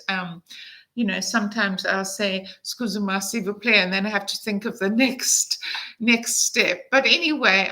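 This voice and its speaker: A woman's voice: medium pitch, sharp tone, poor audio. A woman in her fifties telling a travel story to camera in a chatty, enthusiastic way, with frequent fillers. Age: 50s. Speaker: travel vlogger.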